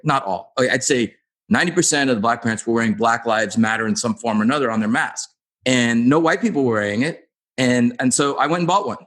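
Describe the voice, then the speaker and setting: A man's voice: mid-range voice, a bit bright. A man hosting a podcast interview, talking earnestly and thinking aloud as he asks his questions. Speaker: podcast host. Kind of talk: casual interview chat.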